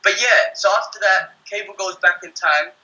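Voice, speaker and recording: A man hosting a casual film review chat, animated and acting out lines he quotes. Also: high voice, normal speed, lo-fi sound. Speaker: podcast host reviewing a film.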